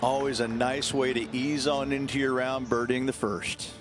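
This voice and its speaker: Man, mid pitch, relaxed chatty golf analyst who laughs easily. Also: normal speed, over music. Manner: chatty and easygoing, laughs often. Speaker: golf color commentator. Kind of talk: studio golf commentary.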